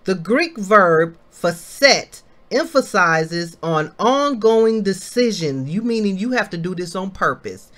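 Woman leading bible study, talks slow with lots of ups and downs, preachy questions and woos. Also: mid-range voice, expressive, fairly bright tone. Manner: exhorting, asks questions and answers them, exclaims. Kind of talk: informal Bible study teaching.

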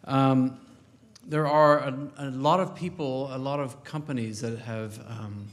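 Relaxed man addressing a dinner crowd. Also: medium pitch, unhurried, slight background noise. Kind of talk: speaking to a dinner audience. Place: banquet hall.

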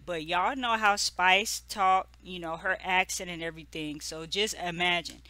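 A woman's voice: lowish voice, lively intonation, normal speed, few pauses, pushed and bright, dry recording. A woman recapping celebrity gossip in a casual, chatty vlog, loose and full of fillers and restarts.

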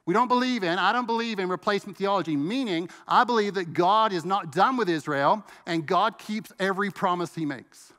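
A man with a high voice preaches a sermon in a church, leaning hard on key words and stretching them out for emphasis. His voice rings with the long reverb of the sanctuary hall. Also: fairly quick, few pauses, pushed and bright. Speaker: pastor.

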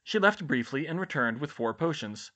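Lively male audiobook narrator, slightly high voice. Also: normal speed. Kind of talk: scripted fan-fiction narration.

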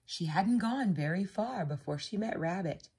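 A woman narrating children's picture books in a gentle, expressive storytelling voice. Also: medium pitch, moderate pace, breathy edge. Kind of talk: children's story read-aloud.

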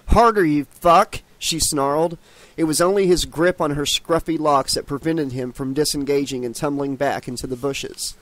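A man's voice: fairly high pitch, no room sound. A man narrating an audiobook, reading with small stumbles and restarts.

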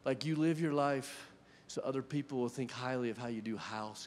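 A guest preacher gives a conversational sermon in a church sanctuary, putting questions to the congregation. His voice is medium in pitch at a normal speed, with a little hiss or hum and a long church hall reverb.

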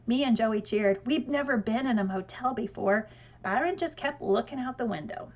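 A woman narrating an audiobook in a lively storytelling way with dry humor. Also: on the high side, moderate pace, highs cut off.

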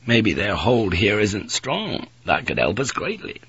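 Man playing a steady pilot, kind, measured, low voice, dry recording. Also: slightly rough, no room sound, full character voice. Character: calm, steady male ship's pilot.

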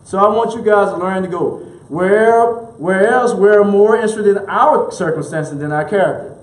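A man's voice: high voice, moderate pace. A male minister preaching a sermon with emphatic repetition, leading the congregation to repeat lines back, sometimes chuckling. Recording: roomy echoey room.

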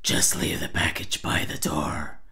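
A woman putting on a deep, rattling false-cord growl as a vocal demonstration. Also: a little slow, gravelly, sharp tone, slight background noise, full character voice. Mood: gruff. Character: gravelly demonic growler, woman's own voice roughened.

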